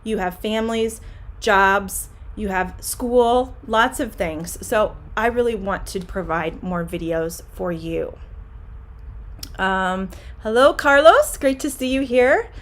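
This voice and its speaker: A middle-aged woman English teacher, speaking slowly and clearly in a live online lesson. She greets viewers by name and takes her time over each answer, at an ordinary pitch. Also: expressive. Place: home classroom.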